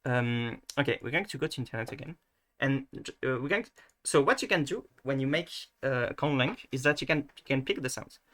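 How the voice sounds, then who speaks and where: A man's voice: mid-range voice, animated, brisk, fairly bright tone. A man giving a casual screen-share lesson, hesitant and full of restarts, fillers and self-mocking asides. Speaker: video tutor.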